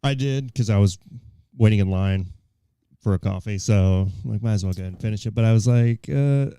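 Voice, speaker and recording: A man's voice: on the low side, brisk, dark tone, clean tone, dry recording, clean studio sound. A man co-hosting a podcast in casual chat, laid-back and agreeable. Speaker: podcast co-host.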